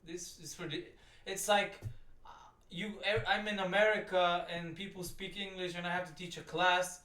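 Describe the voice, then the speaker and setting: A man's voice: sits high, steady tone, moderate pace, bright, forceful tone. A man giving profane, exasperated, rambling commentary while reacting to a video. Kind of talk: ranting commentary. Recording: roomy sound, distant from the mic.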